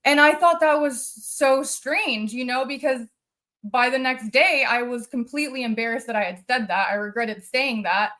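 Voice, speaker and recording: Woman on a live stream, slightly high voice, earnest and emotional, keeps circling back over what happened. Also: moderate pace, bright, forceful tone. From United States. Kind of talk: personal storytelling on a live stream.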